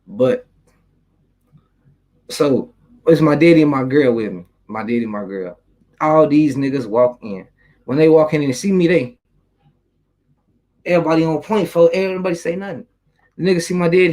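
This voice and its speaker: High-voiced young man, rambling story. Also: moderate pace, long pauses, a little mellow, rough recording. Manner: streetwise slang, loose and rambling, swears freely. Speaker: YouTuber telling a story. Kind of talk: casual storytelling.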